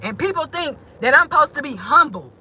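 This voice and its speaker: Bright high-voiced woman venting on stream. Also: sing-song, fairly quick, poor audio. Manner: blunt and profane, swings from heated to hushed; greets chat viewers mid-rant. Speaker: livestream host. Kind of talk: emotional livestream venting.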